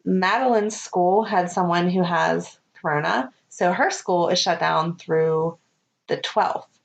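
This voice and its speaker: A middle-aged woman co-hosting a fan podcast, chatting casually and telling lively stories. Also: on the low side, slow pace, vocal fry. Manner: chatty, animated storytelling. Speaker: podcast co-host. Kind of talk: casual chat.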